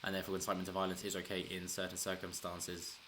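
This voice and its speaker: A channel host talks fast through political news in casual solo commentary, rambling, restarting sentences and chuckling. His very low voice is pushed and bright yet completely flat in delivery, with a faint hiss behind the recording.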